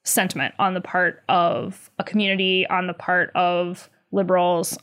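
A woman journalist in her thirties being interviewed, talking in a lively way with many fillers and sarcastic laughs. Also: lowish voice, moderate pace, hardly any pauses. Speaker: journalist guest. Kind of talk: conversational interview.

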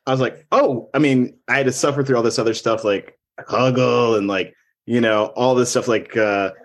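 A man's voice: mid-range voice, fairly even intonation, moderate pace. A man, a comedian guest, riffing in a casual podcast chat and laughing often.

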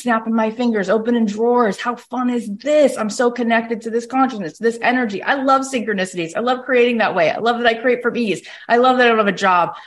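A woman hosting a podcast minisode, giving a casual motivational monologue in an animated way, acting out little inner voices and often asking "right?". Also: medium pitch. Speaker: podcast host.

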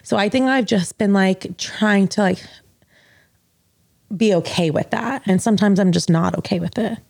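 A woman's voice: medium pitch, moderate pace, gravelly, darkish tone, no room sound, clean studio sound. A woman in her thirties co-hosting a podcast, talking candidly and rambling with lots of fillers, tearful at times. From US East Coast. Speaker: podcast co-host. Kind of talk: casual chat.

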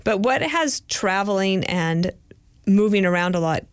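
A middle-aged woman hosts a relaxed podcast chat, teasing and full of questions. Her voice sits at an ordinary middle pitch. The sound is close and dry, with no room around it. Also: measured pace, clean tone, no echo. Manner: chatty, teasing, asks questions. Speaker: podcast host. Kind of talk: casual chat.

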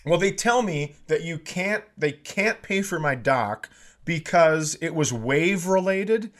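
A man in his fifties telling a comic story as a podcast co-host, animated, swearing and bursting into shouts. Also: a little high, takes it slowly. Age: 50s. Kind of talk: comedic storytelling.

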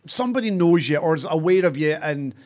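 A man's voice: fairly high pitch, expressive, brisk, a little mellow. A Scottish man hosting a podcast, steadily steering the talk and reading sponsor plugs. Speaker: podcast host.

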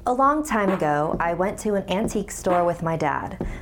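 A woman hosting a horror podcast and narrating a scary story in a calm, hushed, measured voice. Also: fairly low pitch, slight background noise. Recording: music underneath.

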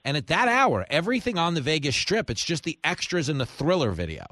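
Animated, bright-voiced male radio host. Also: on the high side, no room sound. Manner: joking, quick banter, laughs often. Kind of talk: comedic radio talk.

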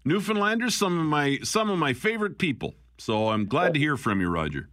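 A man hosts talk radio with a chatty, wry manner. His voice is bright and forward, recorded close on a dry studio microphone. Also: fairly high pitch, sing-song, brisk, dry recording. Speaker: radio host.

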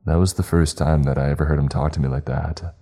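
A man narrating a first-person horror story in a measured, confessional way. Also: very deep voice, fairly even intonation, warm tone. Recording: faint music bed under narration.

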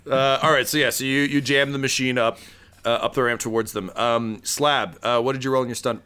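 A man's voice: mid-range voice, fairly even intonation, brisk, pushed and bright, clear, resonant tone. A man running a tabletop role-playing game, narrating loosely with jokes and fillers. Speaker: game master.

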